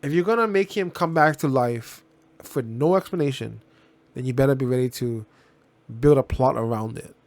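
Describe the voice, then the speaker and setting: Gravelly man rambling through a TV reaction. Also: mid-range voice, moderate pace, darkish tone, no echo. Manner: rambling, restarts and repeats himself, blunt with swearing. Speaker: reaction video host. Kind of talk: casual spoken TV reaction.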